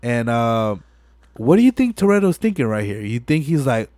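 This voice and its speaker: A young man talks through a movie on a casual podcast, acting out each line of dialogue as he goes. His voice sits in an ordinary middle pitch, and he curses freely as he tells it. The sound is dry and close, with no room echo. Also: moderate pace. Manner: animated retelling, acting out movie dialogue with heavy profanity. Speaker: podcast host. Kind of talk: casual chat.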